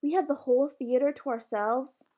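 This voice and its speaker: A woman's voice: sits high, fairly even intonation, moderate pace, voice pushed up. A woman voicing an agitated teenage boy. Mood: excited. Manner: blurts loudly, agitated then eager. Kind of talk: reading a novel aloud.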